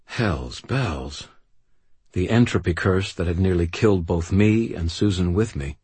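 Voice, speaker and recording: A man reading a first-person audiobook in a grim, steady way. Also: low-pitched, a little slow, husky, dry recording. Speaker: audiobook narrator.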